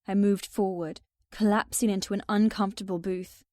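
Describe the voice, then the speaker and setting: A woman narrating a first-person audiobook in an even, subdued storytelling manner. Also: medium pitch, normal speed, no room sound, clean studio sound.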